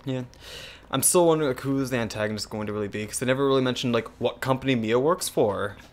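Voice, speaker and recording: A young man co-hosting a gaming channel, thinking out loud and swearing freely as he plays. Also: mid-range voice, fast talker. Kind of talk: casual gameplay commentary.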